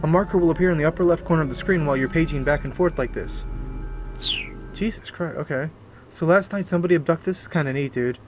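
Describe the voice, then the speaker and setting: A man's voice: on the high side, fast talker, over music. A man streaming a game, reading the story text aloud and breaking off for crude, jokey remarks and laughter. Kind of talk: reading a visual novel aloud with commentary.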